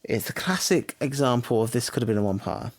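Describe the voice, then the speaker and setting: A man's voice: mid-range voice, animated, fast talker. A man co-hosting a podcast in casual chat, giving short, blunt, dry answers. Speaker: podcast co-host.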